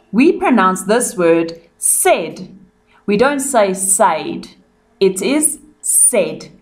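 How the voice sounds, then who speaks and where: South African woman, teacher, slow, patient, clear explanations, recorded lesson. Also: mid-range voice. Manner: clear, patient, explains each word slowly.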